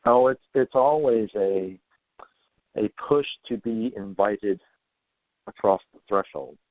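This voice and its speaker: A man's voice: fairly low pitch, slow. A man speaking as a guest in a casual podcast interview, thoughtful, often stumbling and repeating words. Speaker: guest author on paranormal folklore. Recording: dry, phone-like line.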